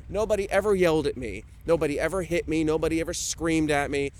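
Chatty high-voiced man. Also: fast talker, few pauses. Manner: chatty, animated storyteller. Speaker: flight instructor. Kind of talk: enthusiastic interview talk.

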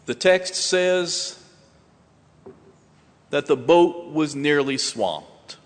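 A man delivers a sermon at an unhurried, deliberate pace, leaning on pauses and building emphasis. His voice sits a little high for a man. It rings out with a long hall reverb. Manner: slow, deliberate preaching with dramatic pauses and rising emphasis. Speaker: preacher.

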